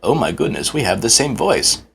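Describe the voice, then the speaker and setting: A man's voice: medium pitch, very animated, normal speed, gravelly, husky, heavily acted. A man voicing a polite, cheerful male tram engine in a fan talk show.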